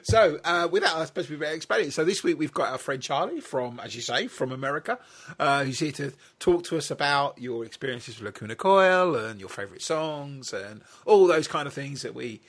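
A man's voice: on the high side, expressive, brisk, fairly bright tone. A man from London with a London accent, hosting a casual podcast chat and joking and laughing often. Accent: London English. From London, England. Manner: chatty and jokey, laughs often. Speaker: podcast host.

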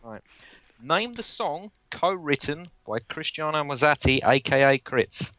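A man's voice: a little high, expressive, a little slow, bright, forceful tone, no room sound, muffled recording. A man acting as quiz master on a casual podcast, reading out questions and teasing the players in a dry way.

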